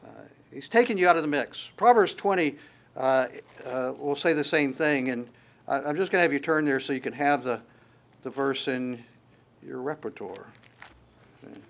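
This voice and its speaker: A man's voice: mid-range voice, normal speed, vocal fry. A man preaching a sermon as pastor, conversational and emphatic, often restarting his phrases.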